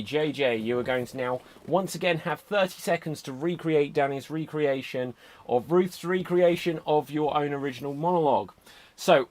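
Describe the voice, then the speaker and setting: A man hosting a live online improv comedy show, giving brisk, upbeat instructions over a video call. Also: on the high side. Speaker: host.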